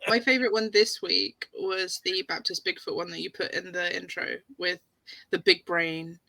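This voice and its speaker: A middle-aged woman with a British accent, chatting as a guest on a streamed show, playful and quick to laugh. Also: fairly low pitch, fairly even intonation, gravelly, pushed and bright, dry recording, low-quality recording. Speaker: podcast guest. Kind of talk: casual chat on a stream.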